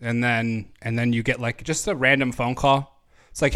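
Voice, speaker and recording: A man co-hosting a podcast in casual chat, teasing with quick one-liners. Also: medium pitch, level tone, fairly bright tone, smooth. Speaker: podcast co-host.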